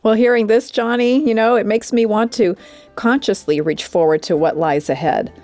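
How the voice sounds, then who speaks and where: A woman's voice: a little high, normal speed, a little mellow, dry recording, soft background music. A woman co-presenting a Christian program, speaking to listeners in an encouraging way. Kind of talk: scripted devotional talk.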